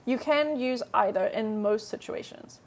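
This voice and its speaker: Chatty woman teaching Korean, a bit gravelly. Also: fairly high pitch. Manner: chatty, explains step by step, slows down to model translations. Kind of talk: live-streamed language lesson.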